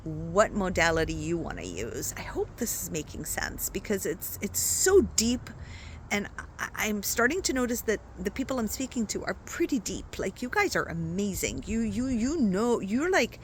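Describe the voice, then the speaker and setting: Woman, spiritual coach, casual talk to viewers, chatty, very animated pitch. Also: normal speed, a little hiss or hum. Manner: expressive, chatty, often asks "right?".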